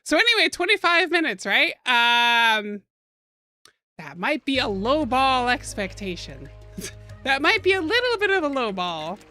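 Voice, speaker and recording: A woman streaming a video game, commenting out loud, joking and exclaiming as she plays. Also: sits high, a little slow, soft background music. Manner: animated, exclaims and laughs often, jokes with chat. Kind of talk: live gaming commentary.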